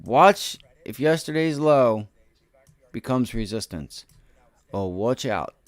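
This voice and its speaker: A man streams his day trading live, speaking slowly with no echo as he offers slangy, boastful commentary on the market straight to viewers. He alternates between loud, excited bursts and quiet mutters to himself.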